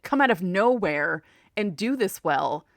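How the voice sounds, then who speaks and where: A woman guest on a casual sports podcast, chatty and quick to laugh. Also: mid-range voice, animated, vocal fry, dry recording, clean studio sound.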